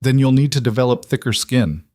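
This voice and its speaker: A man's voice: medium pitch, expressive, a little fast, mellow, dry recording, studio quality, pitched above the performer's own voice, close to an everyday voice. A man voicing a cold, blunt mafia boss husband who speaks in curt, matter-of-fact commands in an audiobook reading. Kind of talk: audiobook narration.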